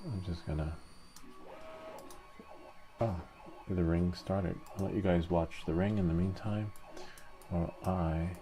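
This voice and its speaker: In a deep, unhurried voice with frequent pauses, a man hosts an easygoing 3D printing screen-share lesson. He talks through each step aloud as he goes.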